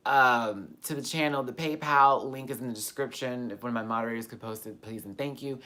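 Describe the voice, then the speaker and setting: A man hosting a casual live-stream Q&A, talking candidly and swearing freely, with loud animated bursts that drop to soft, quiet asides. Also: medium pitch, a little fast, hardly any pauses. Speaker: YouTube host answering viewer questions.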